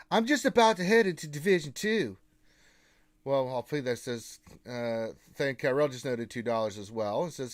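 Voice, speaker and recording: A man co-hosting a casual live gaming stream, reading out viewer greetings and teasing them with flat refusals. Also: on the high side, no room sound, clean studio sound.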